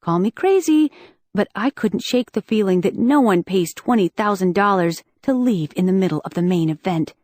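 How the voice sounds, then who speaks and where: A woman's voice: medium pitch, expressive, normal speed, a little mellow, dry recording. Woman narrating an audiobook, dry sound. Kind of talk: first-person audiobook narration.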